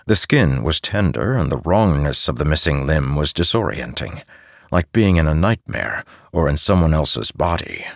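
A man reading an audiobook as a narrator, in a measured, steady manner. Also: very deep voice, creaky, dry recording, clean studio sound. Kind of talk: scripted narration.

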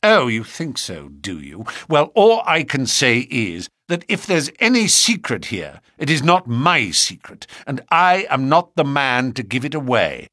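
A man voicing a defiant, sneering gentleman with a lively pitch. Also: a little slow, few pauses, no room sound, clean studio sound, exaggerated voice.

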